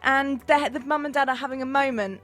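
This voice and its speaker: Female co-host, bright higher voice, enthusiastic and gushing. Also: steady tone, fairly quick, faint music behind. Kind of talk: casual chat.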